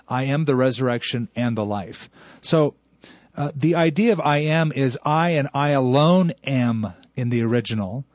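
A man's voice: mid-range voice, darkish tone, no room sound, muffled recording. A man teaching as a radio Bible host, explaining a verse to a caller in an earnest, lecturing way.

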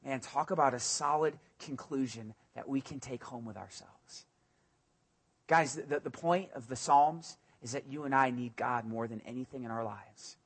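A young adult man preaching a sermon, animated, often dropping to a soft voice and rising loud when he voices the psalmists' cries. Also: medium pitch, moderate pace, husky. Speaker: pastor.

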